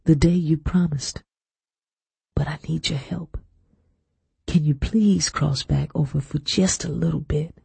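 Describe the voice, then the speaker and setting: A man doing a hushed, pleading young girl. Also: high-pitched, monotone, a little slow, creaky, few pauses, breathy edge, no room sound, pitched above the performer's own voice, full character voice. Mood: pleading whisper. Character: anxious grieving young girl, the storyteller. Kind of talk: audiobook reading.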